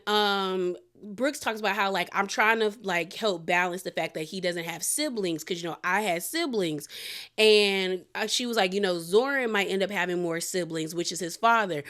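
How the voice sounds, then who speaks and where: A woman talks through a reality show episode in a loose, conversational recap, sprinkling "like" everywhere and slipping into quick quoted lines from the cast. Her voice sits at a middle pitch for a woman. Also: a bit bright. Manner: chatty, retells scenes in quoted voices, frequent "like". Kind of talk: casual recap commentary.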